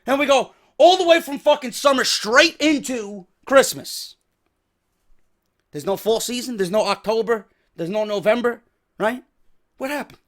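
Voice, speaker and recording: Hoarse new york guy in his 30s ranting, super high pitched, cussing nonstop. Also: unhurried. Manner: angry, sweary, loud bursts. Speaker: wrestling podcast host. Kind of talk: profane storytelling rant.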